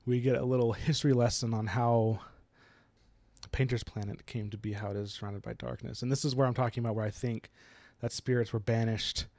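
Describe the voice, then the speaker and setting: A man's voice: mid-range voice, fairly even intonation, a little fast, a little mellow, no room sound. A man chats through a book on a casual podcast, slipping into little quoted voices as he retells scenes. The sound is dry and close, with no room around him. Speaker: podcast co-host.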